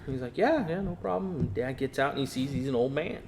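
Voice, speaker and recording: A man, guest on a podcast, casually telling a lively story and acting out quotes. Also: mid-range voice, fairly quick, crowd noise. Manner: animated storyteller, acts out quotes. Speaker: guest, race car builder. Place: podcast studio.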